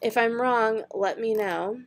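This is casual online shopping chat from a young woman who vlogs about beauty. She speaks slowly in a fairly high voice, musing aloud over makeup she's browsing and giggling frequently.

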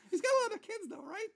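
A man puts on a haughty pop diva woman with a very high, shrill voice. She shouts her complaints and keeps breaking into laughs on a comedy live stream. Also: vocal fry, very noisy, exaggerated voice.

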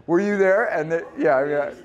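A man giving a sales training talk to a group, energetic and acting out lines he would say at the door. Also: lo-fi sound. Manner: energetic, acts out door pitches and yelling.

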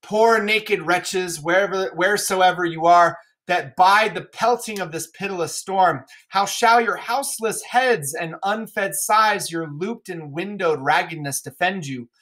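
A woman reading the part of an old king going mad, in slow, grand, anguished verse. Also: on the low side, fairly bright tone. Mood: brooding. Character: old male king sliding into madness.

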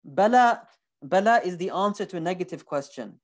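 A man's voice: high voice, quick pace. A man giving a recorded lecture on scripture, talking animatedly and emphatically, with rhetorical questions and words repeated for emphasis.

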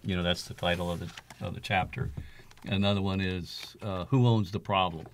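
He talks in a low voice with fairly even intonation and normal speed, and there's a slight hiss or hum in the audio. As an interview guest, this author and father shares stories of his experiences, earnest and reflective, punctuated by soft laughter.

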